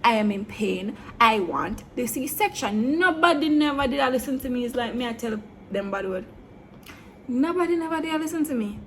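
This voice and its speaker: A young woman tells a story straight to camera in a lively, unfiltered way, moving between patois and standard English. Her voice sits a little high. A faint hiss lies underneath. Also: moderate pace. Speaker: vlogger. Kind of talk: storytime monologue.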